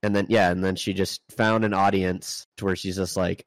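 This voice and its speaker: A male co-host with a very deep, gravelly voice, talking bluntly and dismissively. He sounds dry and close to the mic. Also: flat delivery, moderate pace, no echo. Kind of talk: casual comedic podcast banter.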